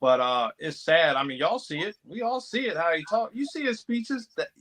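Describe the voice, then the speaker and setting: Man, raised pitch, bright forceful voice, storytelling, casual political chat. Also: lively intonation, moderate pace, rough recording. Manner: storytelling, acts out quoted remarks.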